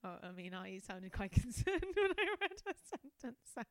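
A woman's voice: on the high side, big pitch swings, normal speed, no room sound. A woman guest on a podcast, reading passages from a detective novel aloud and breaking off for amused, laughing asides. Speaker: podcast guest, comedian and scientist.

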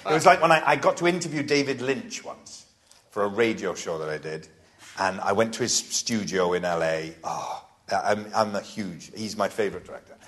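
Welsh guy on a podcast spinning funny stories, voice jumps all over, bright tone. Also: lowish voice, moderate pace. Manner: animated storyteller, self-mocking, acts out quotes. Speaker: podcast guest. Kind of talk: casual anecdotal chat. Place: live comedy podcast venue.

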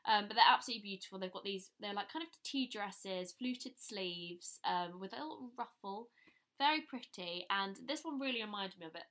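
A woman's voice: medium pitch, lively intonation, moderate pace, fairly bright tone. A woman co-hosting a podcast in casual chat, gushing and laughing often. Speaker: podcast co-host.

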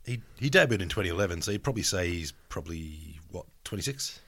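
A man's voice: deep voice, quick pace, slightly rough. An Australian man on a sports podcast, joking and swearing in casual chat. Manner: jokey, animated, swears. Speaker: podcast co-host.

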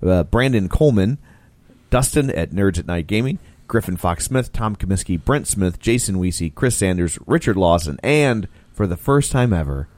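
Deadpan man co-hosting a podcast. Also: low voice, normal speed. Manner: deadpan, dark humor. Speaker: podcast co-host. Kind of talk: casual chat.

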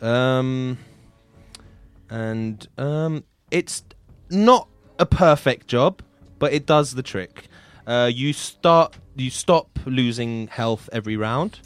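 A man's voice: mid-range voice, slow, clear, resonant tone, dry recording, faint music behind. A man hosting and narrating an improvised tabletop game as game master, loose and full of ums and restarts. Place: podcast studio.

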